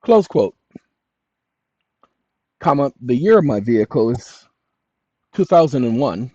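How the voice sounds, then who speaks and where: A man hosting his channel, lecturing viewers emphatically and addressing them as "ladies and gentlemen", sometimes dictating text slowly and deliberately. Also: medium pitch, sing-song, dry recording, highs cut off. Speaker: channel host.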